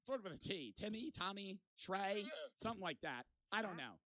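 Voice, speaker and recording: A man's voice: high voice, lively intonation, moderate pace, sharp tone. A man in his twenties telling a rambling, profane story in casual vlog style. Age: 20s. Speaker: vlogger.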